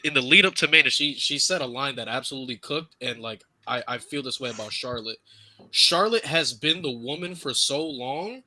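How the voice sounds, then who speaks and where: A man's voice: a little high, pushed and bright. A man co-hosting a casual wrestling podcast, chiming in with earnest, agreeable opinions. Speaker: podcast co-host.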